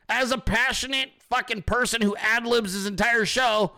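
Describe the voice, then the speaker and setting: With an extremely high-pitched voice, the host of a livestream show rants rapidly and profanely about politics, improvising as he goes. When he acts out scenarios he sometimes breaks into shouting, keeping the whole thing animated.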